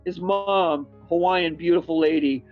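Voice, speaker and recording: A man's voice: a little high, steady tone, a little slow, phone-quality sound, soft background music. A man, a voice actor guest, telling stories in casual chat, emphatic and rambling. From Canada.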